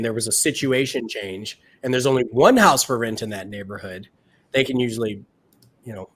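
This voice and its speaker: A man co-hosts a casual livestream chat. He often stalls on fillers before finding his words. His voice sits at a middle pitch. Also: a bit bright.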